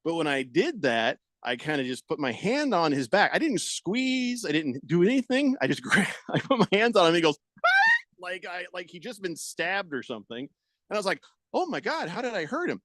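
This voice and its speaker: A man hosting a radio talk show, out of breath, telling a story in a lively way and laughing often, in a studio. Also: high-pitched, moderate pace, no echo. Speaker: radio sports talk host. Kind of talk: casual radio chat. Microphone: studio microphone.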